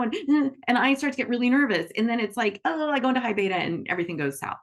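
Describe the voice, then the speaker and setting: A woman's voice: on the high side, expressive, fast talker, fairly bright tone. A woman teaching on a group call, chatty, acting out little quoted conversations and often asking "right?". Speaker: animal Reiki teacher.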